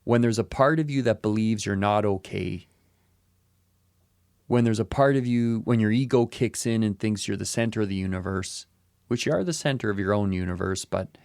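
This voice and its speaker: A man's voice: fairly low pitch, moderate pace, darkish tone, clear, resonant tone, no room sound, studio quality. A man co-hosting a podcast who muses in casual talk and repeats short phrases as he works through an idea. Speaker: podcast co-host. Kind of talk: casual reflective chat.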